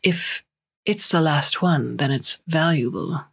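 A woman's voice: low voice, takes it slowly, vocal fry, slightly rough, heavily acted. A woman voicing a bored, offhand wealthy collector.

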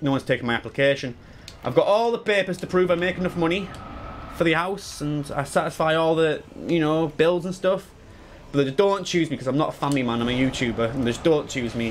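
A man in his twenties chatting casually and excitedly while playing through a game, swearing freely and wandering into asides. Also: on the high side, fairly quick, slight background noise. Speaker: gaming YouTuber. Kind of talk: live speedrun commentary.

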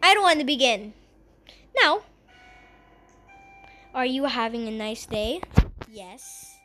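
A woman's voice: fairly high pitch, expressive, slow, sharp tone, slight background noise. A woman playing a game, reading its survey questions aloud and answering them in a playful, jokingly spooked way. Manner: jokingly spooked, sometimes puts on a scary voice. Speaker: gamer. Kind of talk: casual gameplay commentary.

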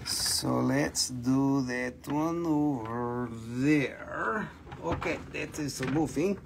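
Slow, gravelly man joking through a live sale. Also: mid-range voice, noisy background. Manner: playful and joking, chatting to his dogs. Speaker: host selling minerals on a live stream. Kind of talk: casual live sales chat.

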